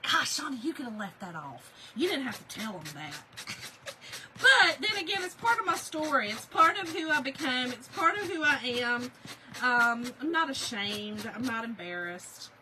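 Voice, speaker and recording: A woman's voice: high voice, very noisy. A middle-aged woman, chatting on a crafting livestream, laughing often and greeting viewers by name.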